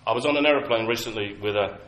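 A man's voice: medium pitch, rapid-fire, fairly bright tone. A man preaching a sermon, telling personal stories in a conversational, self-mocking way. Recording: echoey hall with faint ambience.

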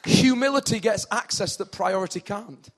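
A man with a northern English accent preaching a sermon, animated, acting out the people in the story with rising intensity. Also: high voice, moderate pace, a little hiss or hum. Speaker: pastor.

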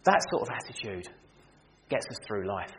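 A man preaching a sermon, animated and humorous, acting out everyday scenes to make his point. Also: on the low side, normal speed. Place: church. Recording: reverberant church hall with faint noise.

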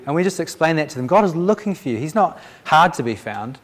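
A man's voice: on the high side, big pitch swings, fast talker. A man sharing a Christian testimony as a preacher, telling the story with animation, acting out the voices in it and often restarting his sentences.

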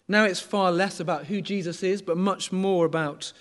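Middle-aged man, sermon, conversational, slightly high pitch. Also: steady tone, moderate pace, a bit bright. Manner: conversational, asks the congregation questions. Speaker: preacher.

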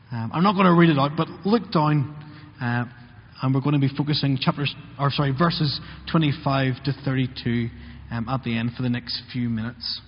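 A man's voice: a little high, breathy edge. A man giving an earnest sermon, acting out the words of story characters. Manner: earnest, acts out characters' lines in quotes. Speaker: preacher. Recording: muffled, with long hall reverb.

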